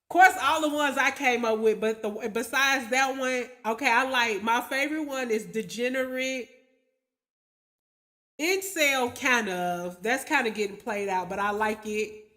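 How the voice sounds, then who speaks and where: High-voiced, unhurried woman livestreamer. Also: fairly bright tone. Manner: loose and slangy, chuckles often, spells out viewer names letter by letter. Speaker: livestream host. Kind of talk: casual livestream chat with viewers.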